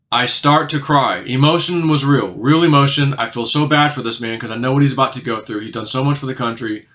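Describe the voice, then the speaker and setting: Man, bright forward voice, casual rambling monologue, many filler words, sinks to a hush for emphasis. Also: mid-range voice. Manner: rambling, heavy on "you know" fillers, drops quieter for emphasis. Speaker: channel host recounting a dream.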